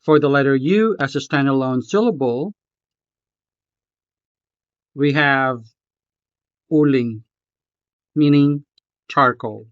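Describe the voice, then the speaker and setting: A man narrates a scripted language lesson, breaking words into syllables at an unhurried pace. His voice is smooth and clear. The recording is dry and a little dull. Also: medium pitch, dry recording. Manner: slow, careful, spells out syllables. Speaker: language tutor.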